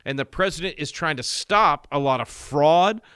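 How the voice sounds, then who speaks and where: Forceful male talk radio host, dry studio sound. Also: a little high, animated, normal speed, smooth, no room sound. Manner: emphatic, rising sharply on key points, with many fillers and restarts.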